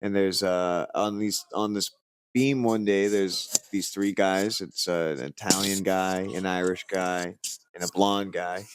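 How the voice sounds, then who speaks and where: In an unhurried, steady manner, a podcast host with a deep, clear, resonant voice casually tells a long joke. He fills it with fillers and restarts, and he gets louder when voicing the characters.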